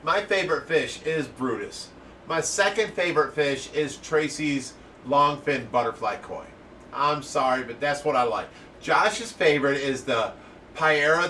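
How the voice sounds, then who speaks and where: A man reads viewer comments on a casual live stream and laughs often. His voice is bright and higher than most, and he sits a little back from the mic. Faint ambient noise hums underneath. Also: recorded from a distance. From Ohio. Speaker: fish rescue co-host reading live chat.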